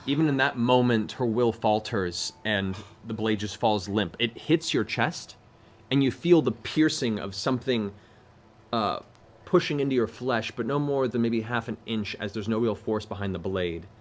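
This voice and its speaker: Deep-ish guy running a tabletop game, describing stuff slow with some uhs. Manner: descriptive, hesitant fillers, measured. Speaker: game master.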